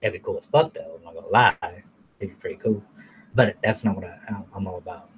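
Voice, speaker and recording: A man ranting casually to camera in a blunt, profane, rambling way, now and then mocking people in a high falsetto. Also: a little fast, a little hiss or hum. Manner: mocks others in high falsetto. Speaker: vlogger.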